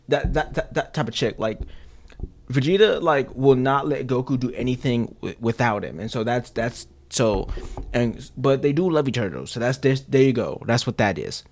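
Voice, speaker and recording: A man's voice: mid-range voice, fairly quick. Rambling, profane male streamer. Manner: profane, rambling, with slang and repeated restarts. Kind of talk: casual chat.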